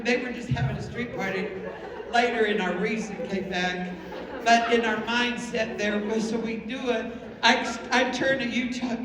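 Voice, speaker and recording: A woman, a pastor's wife, telling a lively story to a live audience in an animated, laughing, exclamatory way. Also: a little high. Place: large event hall. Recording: echoey hall with audience. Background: audience sounds.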